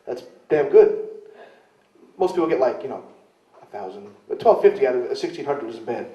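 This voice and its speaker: A man's voice: medium pitch, lively intonation, normal speed, dark tone. A man in a casual interview, telling rambling self-deprecating stories and acting out the voices of the people in them. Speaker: interviewee, wrestler. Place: club in London. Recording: roomy, distant, dull lo-fi camcorder sound.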